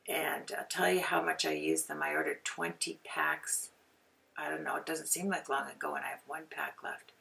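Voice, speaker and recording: A Canadian woman hosts a casual card-making demonstration, chatting as she works and rambling off on frequent tangents. Her low voice is creaky, bright, and forceful, heard from far away from the mic.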